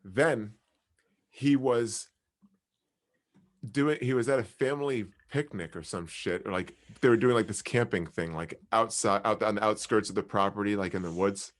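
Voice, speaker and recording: A man's voice: fairly low pitch, normal speed. A man telling rambling stories in casual podcast chat, full of fillers and restarts. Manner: rambling, fillers, lots of "dude" and "like".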